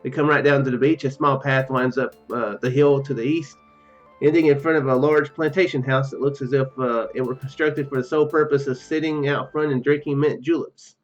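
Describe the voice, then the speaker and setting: Faint game music plays behind a man reading on-screen game text in a let's play, his mid-range voice brisk and fairly even in intonation. He restarts lines, adds asides and laughs readily; the sound is dull and muffled.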